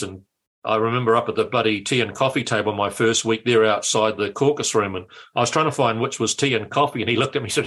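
An older man, a former politician telling anecdotes in a lively way, with frequent restarts. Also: fairly low pitch, fast. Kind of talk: anecdotal storytelling.

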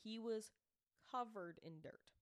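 A woman's voice: fairly high pitch, takes it slowly, no echo, studio quality. A young woman co-hosting a podcast, casually retelling a true-crime story with lots of "like"s. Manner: chatty storyteller, many "like"s. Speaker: podcast co-host telling the story. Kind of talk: casual chat.

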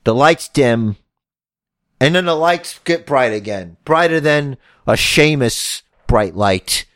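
Animated joking podcast host, a man. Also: mid-range voice, slow pace, no echo, studio quality. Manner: animated, joking, swears casually. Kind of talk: casual chat, comic wrestling storytelling.

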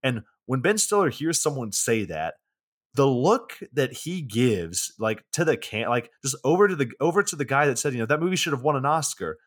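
A man in casual podcast chat, walking through a movie scene by scene in a loose, rambling way. He swears freely and fills gaps with "you know" and "like." His voice sits at a middling pitch for a man. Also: big pitch swings, moderate pace. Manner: loose and profane, lots of fillers. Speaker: podcast co-host.

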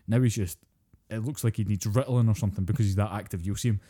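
Scottish guy ranting on a podcast, lots of swearing, super dark mellow voice, lowish. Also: steady tone, very fast. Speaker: podcast co-host. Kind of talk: casual podcast chat.

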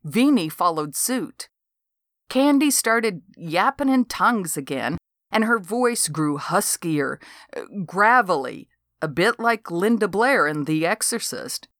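A woman's voice: on the low side, expressive, slow, fairly bright tone, dry recording, studio quality. A woman narrating a folksy first-person story in a wry storytelling manner, scripted audiobook reading.

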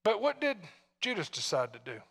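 Bright-voiced man preaching in a reverberant hall. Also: high voice, wildly swooping pitch, brisk, creaky. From Tennessee, US. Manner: conversational preaching, rhetorical questions. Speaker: pastor. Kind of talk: sermon.

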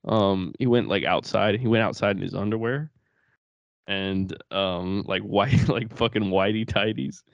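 Young male podcast co-host, low-pitched, rambling and profane, dry close mic. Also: a little slow, vocal fry, dry recording, muffled recording. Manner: rambling, profane, laughs through stories. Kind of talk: casual chat.

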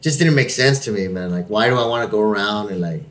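A man's voice: lowish voice, quick pace, fairly bright tone. A man in casual podcast chat, joking and swearing as he talks, often breaking into laughter. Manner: profane, laughing, jokey. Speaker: podcast co-host. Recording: roomy echo, faint room noise.

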